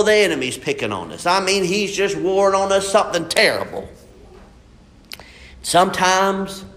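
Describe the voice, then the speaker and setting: A man preaching a sermon in a folksy, emphatic way, repeating his points. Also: a little high.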